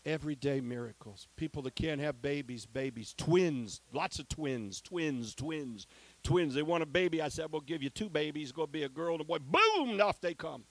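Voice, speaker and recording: Male preacher, high voice, emphatic, moves from booming declarations to quiet storytelling. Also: moderate pace. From Ohio. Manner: lively, emphatic, swinging between loud declarations and hushed storytelling. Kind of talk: preaching testimony.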